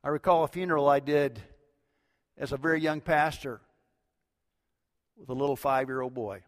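A middle-aged man preaching a sermon as a pastor, swinging between loud emphatic lines and hushed low ones. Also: moderate pace. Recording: long hall reverb.

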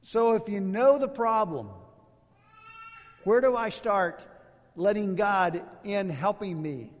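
A man with a high voice preaches slowly as a pastor, telling stories casually and tossing in rhetorical asides. A long reverb tail trails his words.

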